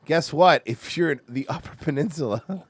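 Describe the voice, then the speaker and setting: A man from Florida hosting a podcast, ranting loudly and mockingly with constant swearing. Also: a little high, normal speed, husky, dry recording. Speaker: podcast host. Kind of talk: profane comedic rant.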